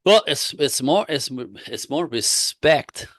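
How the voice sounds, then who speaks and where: A man, a relationship coach, talking in a casual interview with emphatic, repetitive points and animated stories. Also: a little high, slow.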